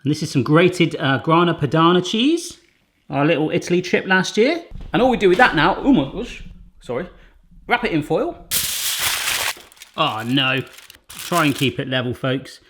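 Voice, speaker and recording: A man's voice: a little high, expressive, moderate pace, a bit bright, slight background noise. A man hosting a casual cooking demonstration in a home kitchen, chatty and jokey, with rambling asides. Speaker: cooking channel host.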